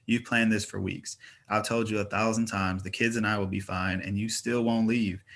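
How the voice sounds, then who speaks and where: A man's voice: lowish voice, little pitch movement, moderate pace, a bit bright. Brief: young fiancée and mother, caring, teasing, in an audiobook, read by a man.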